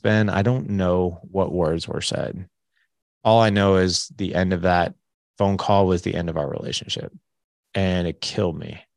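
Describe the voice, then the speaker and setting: Low gravelly man telling his story. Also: dry recording, studio quality. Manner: candid, animated storyteller who acts out dialogue. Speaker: podcast guest. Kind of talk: storytelling in an interview.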